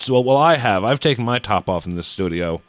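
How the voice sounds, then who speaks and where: A man hosting a radio show, talking at an everyday pitch. He grumbles and rants bluntly, and his voice is close and dry, with no room sound. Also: animated, brisk, no room sound. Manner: grumpy, blunt ranting. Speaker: radio host. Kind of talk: casual radio banter. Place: radio studio.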